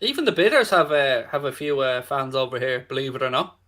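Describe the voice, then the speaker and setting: A man's voice: medium pitch, very animated, fairly bright tone. An Irish man in his thirties co-hosting a casual football podcast, telling stories with swearing and banter. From Ireland. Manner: fast, swearing, storytelling banter. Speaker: podcast co-host.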